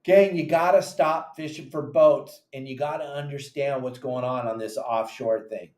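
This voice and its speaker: Animated fishing captain in an echoey room. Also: male voice, medium pitch, moderate pace. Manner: animated, acts out friends' voices in quotes. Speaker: fishing podcast host and charter captain. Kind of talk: casual fishing advice talk.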